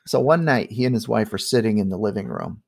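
A middle-aged man casually telling a spooky family story on a podcast, animated and full of fillers. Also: lowish voice, fast, gravelly, husky. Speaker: guest storyteller.

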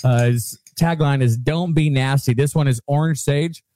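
A man's voice: mid-range voice, normal speed, mellow, dry recording, studio quality. A man, co-hosting a casual chat show, wisecracking and laid-back. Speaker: co-host.

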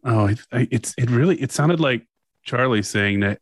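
A man's voice: medium pitch, normal speed, husky, no room sound. A young man co-hosting a podcast, trading dry, teasing banter in casual chat. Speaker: podcast co-host.

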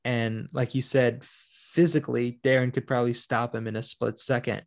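A man's voice: medium pitch, level tone, moderate pace, gravelly. A man in a loose podcast chat about a film he has watched. He talks it through animatedly and acts out the characters' lines as he goes. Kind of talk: casual film discussion.

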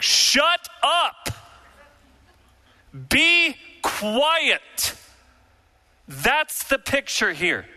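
A man preaching a sermon, emphatic and animated, acting out quotes and dropping to a soft, slow delivery for reflective points. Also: high voice, rough recording. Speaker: pastor.

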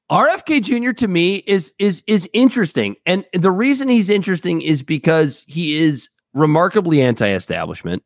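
A man's voice: high-pitched, very animated, moderate pace, hardly any pauses, no echo, clean studio sound. A man co-hosting a casual political podcast, talking bluntly with profanity and jokes. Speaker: podcast co-host.

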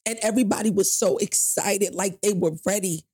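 A woman's voice: medium pitch, a little fast, mellow, husky, dry recording, studio quality. A middle-aged woman from New York, telling a painful personal story in an interview, candid and profane, acting out the people in it. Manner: candid, profane, acts out voices in her story. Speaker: guest telling her life story.

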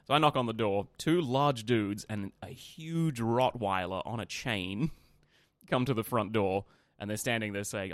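Aussie radio co-host, fairly low voice, dry studio sound, animated storyteller. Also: male voice, a little slow, dry recording. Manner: animated anecdote teller, acts out quotes. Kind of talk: casual storytelling chat.

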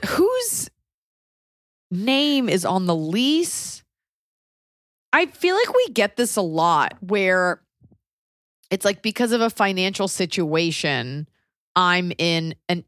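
A young woman co-hosts an advice podcast with a slightly low voice. She speaks bluntly, swears freely and fires off questions one after another, recorded close and dry with no room sound. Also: lively intonation, measured pace, fairly bright tone, no room sound. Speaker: podcast co-host, comedian. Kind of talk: casual advice chat.

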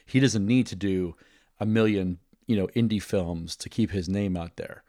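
A man's voice: low-pitched, normal speed, mellow, dry recording, studio quality. A man hosting a podcast, chatting casually with a playful, jokey manner. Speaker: podcast host. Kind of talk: casual chat.

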